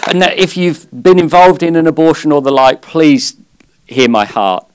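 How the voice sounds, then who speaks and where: A man preaching a sermon at a church service, earnest and conversational, with gentle humor. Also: fairly high pitch, expressive, moderate pace, clean tone.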